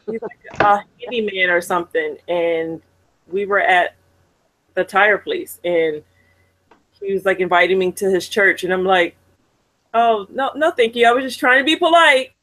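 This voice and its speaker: A woman co-hosting a casual chat show, reading viewer comments and telling stories in a candid, animated way. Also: mid-range voice, moderate pace, low-quality recording. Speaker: podcast co-host.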